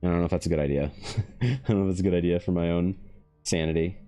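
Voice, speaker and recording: A man streaming while he paints, chatting casually in a rambling, profane way, his pitch leaping up now and then. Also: quick pace, dark tone, faint music behind. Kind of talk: casual livestream chat.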